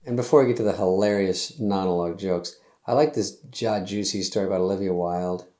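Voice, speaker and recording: A man's voice: low voice, a little fast, warm tone, roomy sound. A middle-aged man hosting, delivering a loose, sarcastic comedy monologue that acts out little quotes in other voices. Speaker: host.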